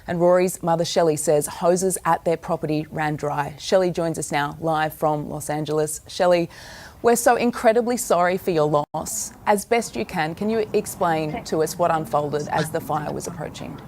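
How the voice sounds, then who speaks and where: A woman presenting the news and interviewing a guest, measured and sympathetic. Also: sits low, a little mellow.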